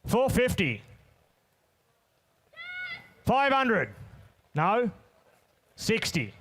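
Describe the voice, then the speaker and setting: A man working as an auctioneer at a horse sale, rattling off bids in a fast rolling chant and calling to bidders by name. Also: sits high, very animated, a bit bright, a little hiss or hum. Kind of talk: rapid bloodstock auction chant. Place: sale ring.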